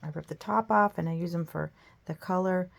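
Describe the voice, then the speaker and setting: Gravelly-voiced woman chatting through a craft tutorial. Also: on the low side, brisk, slight background noise. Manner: chatty, rambling, self-deprecating. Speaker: art tutorial host. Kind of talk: casual crafting tutorial chat.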